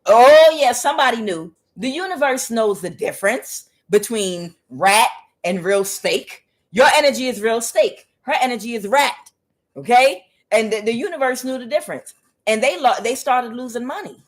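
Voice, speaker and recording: A woman's voice: a little high, expressive, moderate pace. A woman giving a casual tarot reading, talking in a chatty, profane way with many fillers and calling the listener honey and child. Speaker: tarot reader.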